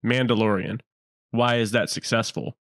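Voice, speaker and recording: Blunt young man with a lowish voice. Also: steady tone, moderate pace, fairly bright tone, no room sound, clean studio sound. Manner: opinionated, blunt critique with fillers. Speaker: podcast co-host. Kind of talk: casual chat.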